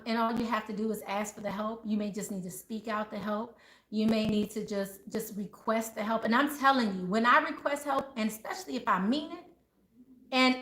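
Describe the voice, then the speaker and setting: A woman's voice: a little high, a bit bright, roomy sound, poor audio. A woman hosting a live spiritual chat, talking casually and passionately in a preachy way, often laughing. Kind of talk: casual live-stream talk.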